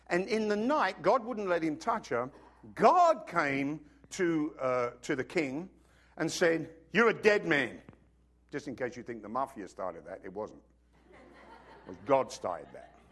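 Man, preacher, sermon, fairly high voice, very expressive pitch, chatty with humorous asides. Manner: animated, conversational preaching with joking asides.

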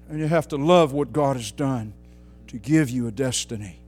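Impassioned preacher man, high-pitched. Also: unhurried, no room sound, faint music behind. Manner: impassioned, swinging between shouted and hushed. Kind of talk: sermon.

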